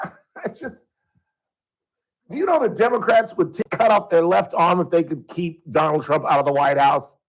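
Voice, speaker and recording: Talk radio host, male. Heated sarcastic ranter with a high, very lively voice. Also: low-quality recording.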